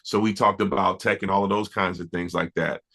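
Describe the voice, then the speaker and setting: Bright-voiced man telling studio stories. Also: low voice, a little fast. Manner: relaxed, reflective, many fillers and restarts. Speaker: music producer, interview guest. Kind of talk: casual interview storytelling.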